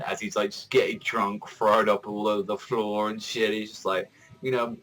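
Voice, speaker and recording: A man giving a casual, excitable fan reaction to a TV episode, swearing heavily and laughing often. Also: lowish voice, moderate pace, low-quality recording. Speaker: reaction vlogger.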